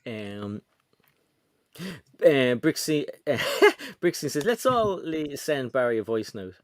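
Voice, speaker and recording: Lively man chatting on a livestream. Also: mid-range voice, takes it slowly, dry recording, clean studio sound. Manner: chatty, reads out viewer comments. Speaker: livestream co-host. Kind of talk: casual livestream chat.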